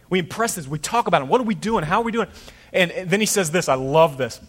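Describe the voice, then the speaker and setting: A middle-aged male pastor delivering a sermon, his voice sitting a little higher than most men's. He talks in a loose, conversational way and slips into quick voices for the people in his stories. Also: long reverb tail. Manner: conversational, storytelling preacher acting out voices.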